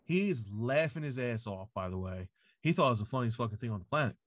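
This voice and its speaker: A man talks loosely and profanely, packing his sentences with "like" as he tells a story. His voice sits at an ordinary middle pitch. The sound is dry and close, with no room echo. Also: expressive, fast. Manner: profane storytelling full of "like" fillers. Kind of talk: casual chat. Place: home basement.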